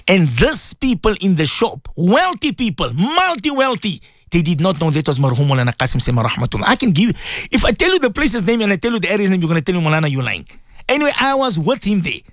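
A man presenting live on radio, giving religious advice in an emphatic, repetitive way that swings between loud exhortation and low earnest tones. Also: dry recording, studio quality. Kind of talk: live radio preaching talk.

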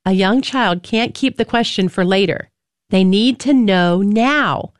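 A woman presenter talking reflectively to listeners, asking them gentle questions. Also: medium pitch, a little slow, no room sound, studio quality.

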